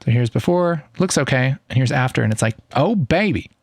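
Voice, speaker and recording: A man in his thirties walking through a software tutorial in a casual, upbeat and enthusiastic way. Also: mid-range voice, fast talker, gravelly, no room sound, clean studio sound. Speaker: video editing tutor. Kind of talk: casual screen-recorded tutorial.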